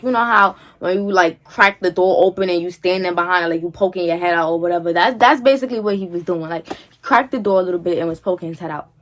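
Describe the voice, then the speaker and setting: A young woman vlogger, telling a story to camera in a casual, animated, slangy way. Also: mid-range voice. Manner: animated, slangy, repeats "like" and "feel me".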